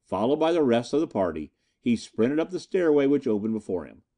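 Brief: male storyteller for a pulp audiobook, warm and expressive. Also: mid-range voice, brisk. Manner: lively storytelling. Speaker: narrator. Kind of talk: audiobook reading of pulp fiction.

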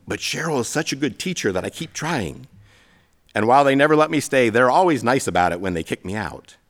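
A middle-aged man delivers a sermon at a mid-range pitch. He tells personal stories with gentle, self-deprecating humor. His delivery is a preacher's, speaking to a congregation. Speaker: pastor.

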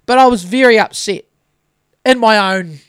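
High-voiced sweary New Zealand man. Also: moderate pace, fairly bright tone, smooth, no room sound, studio quality. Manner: swears a lot, rambling storytelling. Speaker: podcast host. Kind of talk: casual chat.

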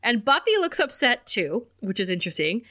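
A young adult woman chats casually as a podcast co-host, laughing easily as she retells scenes. She acts out quoted lines with lively pitch jumps. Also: a little fast. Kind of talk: casual chat recapping a TV episode.

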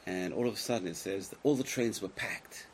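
A man giving a Torah lecture to a live class, speaking emphatically, swinging between loud exclamations and quiet asides, and putting questions to his listeners. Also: on the low side, a little fast, slightly rough, poor audio. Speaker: Torah teacher.

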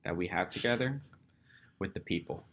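A man's voice: low voice, lively intonation, normal speed, a bit bright, slight background noise. A man co-hosting a casual podcast, chatting playfully with lots of fillers. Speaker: podcast co-host. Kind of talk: casual chat.

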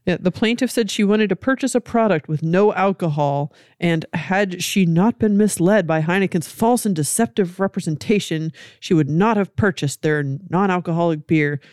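A man's voice: high-pitched, moderate pace, hardly any pauses, a little mellow, no room sound. Blunt, sarcastic man on a dry mic. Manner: blunt, sarcastic, swears often. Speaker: podcast co-host. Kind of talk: casual chat.

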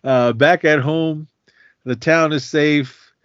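A man's voice: fairly high pitch, fairly even intonation, takes it slowly, clear, resonant tone, dry recording. Guy on a podcast retelling a movie, rambly, keeps restarting, dry slightly muffled sound. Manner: rambling, restarts sentences, laughs often, acts out quotes. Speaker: podcast co-host. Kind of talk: casual movie recap chat.

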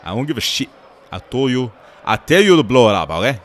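A commanding space overlord , as a man puts him on, snaps orders with zero patience. The accent drifts toward something vaguely Spanish. The voice is pushed up and louder than a normal speaking voice. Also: mid-range voice, big pitch swings, fairly quick, pitched above the performer's own voice. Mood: barking orders. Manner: barking orders, impatient. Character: commanding male Darth Vader with an odd Spanish-sounding accent.

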